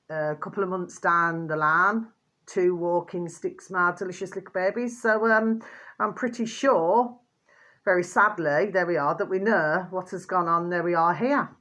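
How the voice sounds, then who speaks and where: A woman's voice: on the low side, fairly bright tone. A woman vlogging in a rambling, chatty monologue, with repetitive endearing asides to her viewers and indignant outbursts between gossipy stories.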